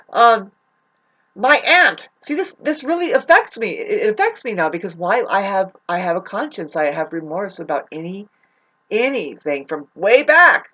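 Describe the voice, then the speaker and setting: A woman with a medium-pitched, fairly bright voice and big pitch swings speaks a little slowly in an emotional, unscripted vlog. She is upset and close to tears, rambling profanely and frequently looping back to restart.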